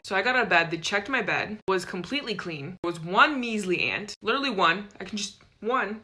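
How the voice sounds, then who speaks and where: Woman, casual storytime, chatty, bright clear tone, lively quoting of others. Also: a little high, normal speed, hardly any pauses.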